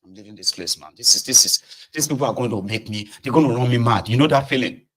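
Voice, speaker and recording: Nigerian man, vlog commentator, mid-pitched, animated storyteller, loud then muttering. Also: fast. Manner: animated storytelling, swings from shouting to low muttering; mixes in pidgin and Yoruba words. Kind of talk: casual commentary monologue.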